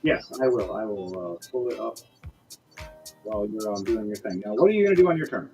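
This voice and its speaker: A man's voice: on the low side, lively intonation, fairly quick, warm tone, faint music behind. A man narrating as game master, rambling with lots of restarts.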